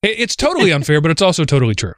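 A man hosting a casual podcast, telling stories in an animated way. He grew up in the Southern United States. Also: very fast, no echo, studio quality. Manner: animated storyteller, lively rises in pitch. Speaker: podcast host.

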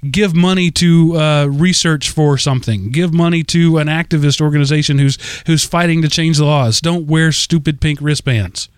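A man's voice: fairly high pitch, normal speed, hardly any pauses, smooth, no echo, clean studio sound. A man co-hosting a casual comedic chat show, talking in an opinionated, ranting way. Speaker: podcast co-host.

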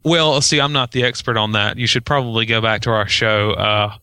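Bright, smooth-voiced male co-host. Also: on the low side, fairly even intonation, fairly quick, no room sound. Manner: wry, self-deprecating. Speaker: podcast co-host. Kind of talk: casual podcast chat.

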